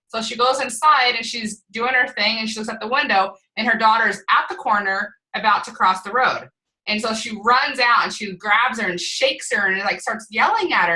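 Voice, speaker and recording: A woman leading a team call, coaching in an energetic way, repeating points and often checking in with "right?". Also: a little high, a little fast, low-quality recording. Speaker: team leader on a group call. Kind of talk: motivational coaching talk.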